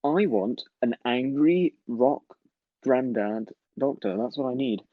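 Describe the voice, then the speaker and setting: A man's voice: mid-range voice, takes it slowly, no echo, narrow, tinny audio. A man co-hosting a podcast, chatting casually, swearing freely and laughing at his own jokes. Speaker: podcast co-host. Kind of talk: casual chat.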